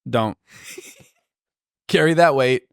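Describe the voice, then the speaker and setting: A man's voice: medium pitch, very slow, vocal fry, clear, resonant tone, dry recording, studio quality. A man co-hosting a casual podcast, rambling and laughing easily. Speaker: podcast co-host. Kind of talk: casual chat.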